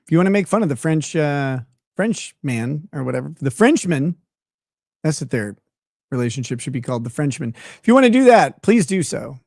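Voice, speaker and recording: A man's voice: on the high side, big pitch swings, normal speed, creaky, darkish tone, no room sound, clean studio sound. A man hosting a livestream in casual chat, blunt and profane, laughing often. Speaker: livestream host.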